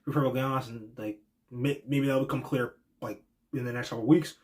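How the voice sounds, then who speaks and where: A podcast host delivers a casual wrestling reaction monologue, rambling through his predictions with strong opinions and plenty of filler words. His voice is medium-pitched and somewhat dark, with fairly even intonation, and he talks fast.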